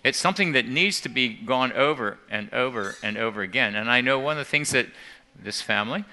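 A man's voice: medium pitch, animated, brisk, bright, forceful tone, slight background noise. A man giving an earnest talk to a church audience, often restarting and repeating words. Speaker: seminar speaker.

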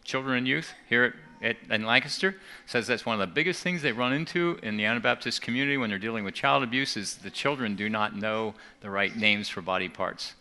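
A man's voice: medium pitch, a little fast, few pauses, pushed and bright, clean tone. A man giving an earnest talk to a church audience, often restarting and repeating words. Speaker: seminar speaker.

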